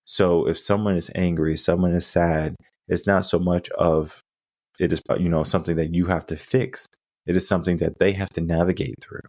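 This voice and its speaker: A man's voice: sits low, fairly even intonation, normal speed, darkish tone, no room sound, clean studio sound. A man hosting a coaching podcast, talking through stories and lessons in an earnest way, often checking in with asides. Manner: earnest storytelling with frequent asides. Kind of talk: solo coaching monologue.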